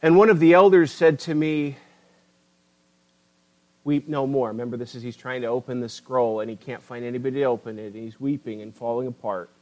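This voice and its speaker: A man's voice: mid-range voice, fast talker, few pauses, darkish tone, low-quality recording. A man preaching a sermon with impassioned, rising and falling emphasis, addressing listeners as beloved.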